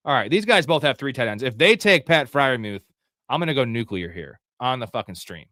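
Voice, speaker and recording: Profane, excitable man streaming a draft. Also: medium pitch, a little fast, no echo, clean studio sound. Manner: profane, frustrated, outbursts of yelling. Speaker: fantasy football live show host. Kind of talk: live-streamed draft commentary.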